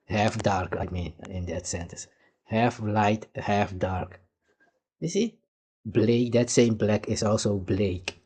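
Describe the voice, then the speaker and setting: A man's voice: fairly low pitch, a little mellow, breathy edge. Heated Surinamese man lecturing in commentary. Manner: heated, lecturing, repeats "you see" and "nigga". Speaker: commentator reacting to archive clips. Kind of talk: casual reaction commentary.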